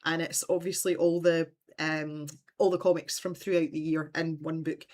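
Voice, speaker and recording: A woman's voice: deep voice, little pitch movement, normal speed, darkish tone. Scottish woman, art stream host, meandering casual chat with frequent laughs. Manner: chatty and meandering, laughs often.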